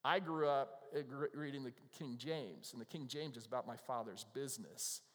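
A man's voice: mid-range voice, moderate pace, a bit bright. A middle-aged male pastor giving a casual, conversational sermon, often acting out the voices of people in the scriptures. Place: church. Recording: long reverb of a church hall.

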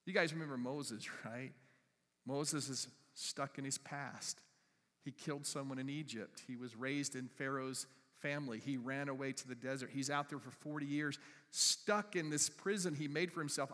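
A man's voice: mid-range voice, moderate pace, a bit bright. A male pastor preaching a sermon, his voice rising and dropping for emphasis. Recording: long hall reverb.

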